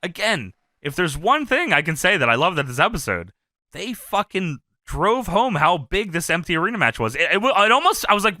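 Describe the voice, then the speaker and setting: A man co-hosting a wrestling review podcast, telling the story in an animated, profane, laughing way. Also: high voice, fairly quick, no room sound, clean studio sound. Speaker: podcast co-host. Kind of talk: casual retro review chat.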